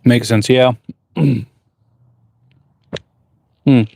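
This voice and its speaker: A man's voice: mid-range voice, steady tone, drawn-out words, vocal fry, mellow, no echo. A man who is a blacksmith, chatting casually on a livestream from his forge workshop, rambling and reading viewer questions aloud.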